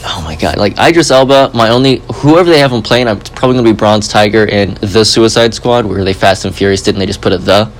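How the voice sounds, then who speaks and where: A man hosting a podcast in casual chat, rambling and joking with animated asides. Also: fairly low pitch, quick pace, hardly any pauses, slight background noise, low-quality recording. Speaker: podcast host.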